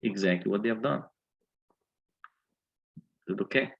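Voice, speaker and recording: Gravelly-voiced lecturer walking through calculations. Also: male voice, lowish voice, moderate pace, muffled recording. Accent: Egyptian. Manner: explains step by step, asks checking questions. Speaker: engineering lecturer. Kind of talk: university lecture.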